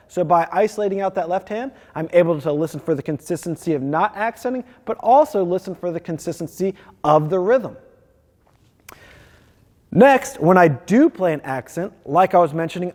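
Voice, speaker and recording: A man explains snare technique in a clear, step-by-step teaching manner. His voice sits a little on the higher side. The room gives it a long, ringing reverb. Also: a little mellow. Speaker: percussion teacher. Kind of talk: instructional demonstration.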